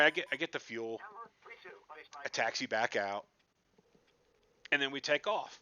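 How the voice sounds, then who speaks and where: A man's voice: mid-range voice, normal speed, bright, forceful tone, lo-fi sound. A man telling a casual, self-deprecating story about his flight sim session, rambling and swearing freely. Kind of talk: casual storytelling over gameplay.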